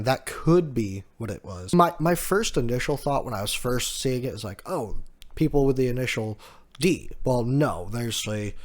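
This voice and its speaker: Man recapping a comic chapter, laughing. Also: mid-range voice. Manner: walks through panels, laughs often. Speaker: manga reviewer.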